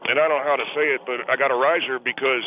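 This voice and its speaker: A man's voice: mid-range voice, steady tone, rapid-fire, lightly acted. A man voicing a defensive, rambling middle-aged male caller who is suing his hygienist, in a comedic radio call-in bit. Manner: defensive, rambling, touchy about being laughed at. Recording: tinny phone line with faint hiss.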